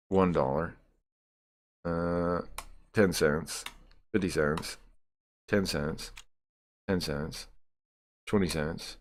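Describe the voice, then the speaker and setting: Low-voiced man rambling on a live stream. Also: slight background noise. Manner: loose and rambling, talking to chat and tallying numbers aloud. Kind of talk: casual live-stream chat.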